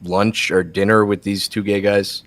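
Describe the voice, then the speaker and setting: A man's voice: lowish voice, level tone, measured pace. A man co-hosting a live stream, teasing his partner with sarcastic crude jokes. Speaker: stream co-host. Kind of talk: crude casual stream banter. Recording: loud music behind.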